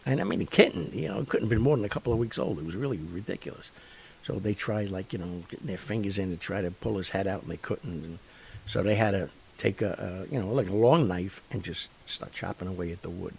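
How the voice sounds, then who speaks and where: A man hosting a show, telling stories in a rambling, animated way with lots of fillers and sound effects. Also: sits low, fast talker, gravelly, a little hiss or hum, low-quality recording. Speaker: radio show host. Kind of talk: casual storytelling monologue.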